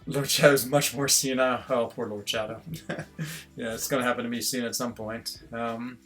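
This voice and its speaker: Reading comments on a live stream, a middle-aged man rambles and muses with frequent chuckles. He talks at a normal speed in a medium-pitched, slightly bright voice with fairly even intonation, over faint guitar music.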